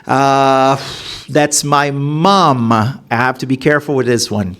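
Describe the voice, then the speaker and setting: A man hosting his own show, casually testing himself out loud, laughing at his own mistakes, speaking into a headset. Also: medium pitch, slow pace. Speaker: podcast host practicing Mandarin. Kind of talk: casual self-recorded practice session.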